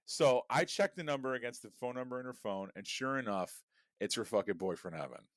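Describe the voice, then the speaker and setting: A man's voice: mid-range voice, fairly quick, no echo, clean studio sound. A middle-aged man co-hosting a podcast, telling a story in a profane, exasperated rant. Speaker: podcast co-host. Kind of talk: casual storytelling chat.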